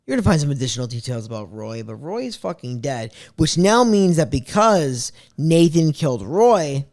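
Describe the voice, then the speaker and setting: A man's voice: fairly high pitch, big pitch swings, normal speed, darkish tone. A man co-hosting a casual podcast, chiming in on a movie recap with plot details and wry comments. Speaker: podcast co-host. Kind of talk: casual chat.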